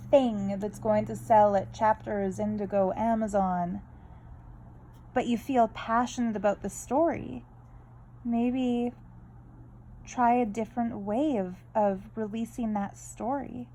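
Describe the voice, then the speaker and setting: A chatty woman talks through her art in a loose, rambling way, wandering off on tangents as she draws. Her voice sits a little high and sounds mellow and soft. She comes across as candid and unpolished. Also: slight background noise, rough recording. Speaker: art vlogger. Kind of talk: casual draw-along chat.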